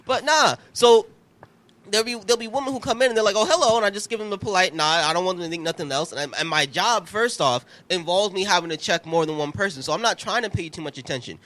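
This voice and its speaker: A man chats on a podcast with a high, bright voice that hurries along. He tells profane, animated stories about his day, cracking himself up now and then. The talk stays loose and conversational. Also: fast talker. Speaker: podcast co-host. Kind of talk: casual chat.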